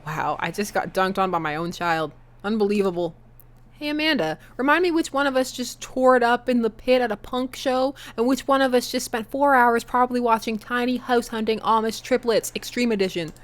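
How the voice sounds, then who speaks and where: A woman's voice: a little high, a little fast, natural voice. Woman reading as a goofy doting dad. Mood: playful. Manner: playful, proud, teasing. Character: doting goofy single dad, middle-aged man. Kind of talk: voicing a game character aloud.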